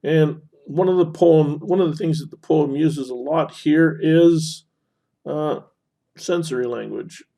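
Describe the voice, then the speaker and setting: A man's voice: on the high side, a little slow, creaky, dark tone. A man teaching a literature lesson over a screen recording, explaining as he annotates, with frequent fillers and self-corrections. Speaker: instructor.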